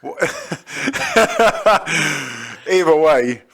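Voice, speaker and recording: A man co-hosting a podcast, chatting and telling stories in an animated way, laughing and swearing freely. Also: fairly high pitch, very slow, slightly rough. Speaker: podcast co-host. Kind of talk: casual banter and storytelling.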